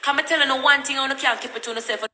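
A woman's voice: sits high, fairly even intonation, quick pace, sharp tone, roomy sound, a little hiss or hum, low-quality recording. A woman with a Jamaican accent telling a story in a blunt, repetitive, cussing rant. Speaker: vlogger.

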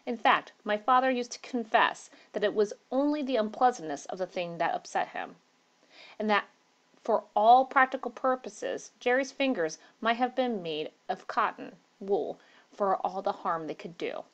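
Woman voicing an elderly gentleman, calm and dismissive. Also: mid-range voice, moderate pace, muffled recording, close to an everyday voice.

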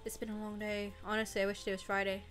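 A woman's voice: medium pitch, monotone, rapid-fire, fairly bright tone, soft background music. A young woman co-hosting a gaming livestream, chatting casually and giggling as she greets viewers by name. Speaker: livestream co-host. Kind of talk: casual gaming stream chat.

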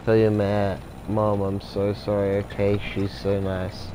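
A man's voice: fairly low pitch, completely flat delivery, measured pace, background noise, close to an everyday voice. Man reading as a drunk young cat woman. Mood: sloppy.

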